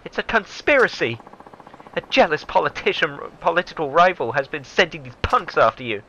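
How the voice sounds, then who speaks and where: A man doing a jumpy, shrill young secretary. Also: sing-song, fairly quick, sharp tone, exaggerated voice. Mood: agitated. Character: excitable young male secretary, suspicious. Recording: dull lo-fi with faint noise.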